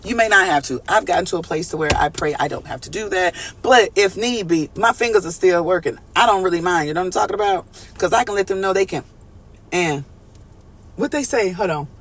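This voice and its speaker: A man with a high voice reads tarot for his viewers, talking loosely and swearing freely. He keeps calling out to them as y'all and answers their chat comments as he goes. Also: fairly quick, fairly bright tone. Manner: casual, profane, chatty, calls viewers y'all. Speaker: tarot reader. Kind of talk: live collective tarot reading.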